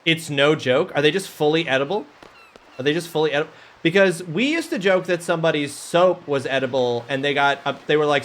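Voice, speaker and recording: Young male streamer, slightly high voice, crude rambling banter with chat. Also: fairly quick, slight background noise. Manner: joking banter with chat, swearing, rambling asides. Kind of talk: casual live-stream chat while gaming. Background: game music.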